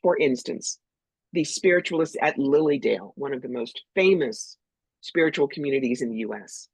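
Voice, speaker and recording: Blunt, husky older woman telling stories. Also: extremely low pitch, normal speed, no echo, poor audio. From New York. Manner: blunt, animated, acts out voices. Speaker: psychic medium, guest. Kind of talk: storytelling interview talk.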